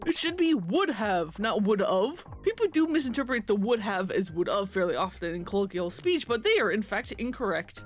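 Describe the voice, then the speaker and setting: A woman reading aloud as a polite, formal male language teacher who lectures and corrects in a measured way. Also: mid-range voice, sing-song, faint music behind, close to an everyday voice. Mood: instructive. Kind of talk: reading game dialogue aloud.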